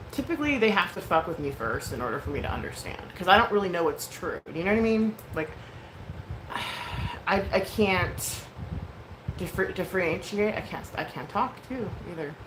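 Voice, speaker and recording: A woman in her thirties speaks to her livestream viewers in a low, frank voice, stumbling through likes and ums and swearing without a second thought. The recording carries a clear layer of background noise. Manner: candid and emotional, swears freely, many likes and ums. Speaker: livestream host. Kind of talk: casual livestream chat.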